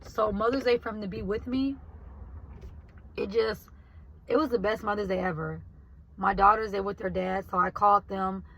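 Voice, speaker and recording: A woman's voice: medium pitch, fairly even intonation, moderate pace, long pauses, a bit bright, muffled recording. A woman, telling her viewers about her basket business in a casual vlog. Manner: talks straight to viewers, emotional, says y'all. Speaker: vlogger and basket maker.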